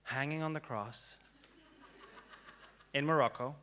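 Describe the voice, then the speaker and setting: A young man giving a prepared storytelling talk on stage, dramatic and swinging from hushed to loud. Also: mid-range voice, slow pace, slight background noise. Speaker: speaker. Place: stage before an audience.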